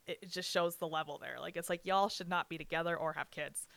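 A woman's voice: on the low side, fairly even intonation, quick pace, gravelly, fairly bright tone. A young woman telling an emotional personal story in candid conversation, swearing freely and laughing through the pain.

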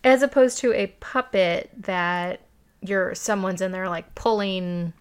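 A woman's voice: medium pitch, unhurried, smooth. A woman chatting casually, thinking aloud and restarting her phrases as she explains. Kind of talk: casual podcast chat.

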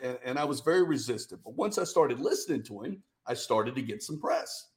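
A man's voice: medium pitch, a little fast, few pauses. A man, a business founder and guest, telling stories in a casual interview and acting out the dialogue. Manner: animated, acts out quoted dialogue.

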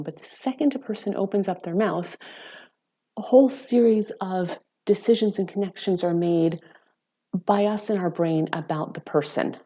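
A woman psychology researcher giving measured, explanatory answers in an interview, with frequent ums. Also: lowish voice, mellow.

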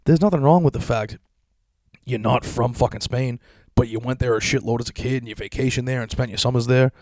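A man's voice: mid-range voice, brisk, no echo, studio quality. Profanely ranting young man. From Massachusetts. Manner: crude, animated, sarcastic, heavy swearing.

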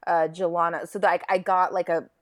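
A young woman co-hosting a podcast, telling a personal story in a casual, expressive way with frequent laughter. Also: fairly low pitch, normal speed. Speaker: podcast co-host.

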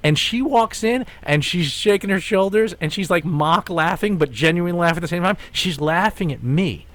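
A man in his forties telling a long story in casual podcast chat, with restarts and animated asides. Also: high voice, normal speed, dry recording. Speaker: podcast host.

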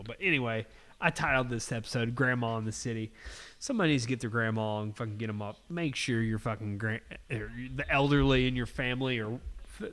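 Man hosting a casual podcast, animated and foul-mouthed. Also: medium pitch. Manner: swears constantly, animated storytelling. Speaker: podcast host. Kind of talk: casual chat.

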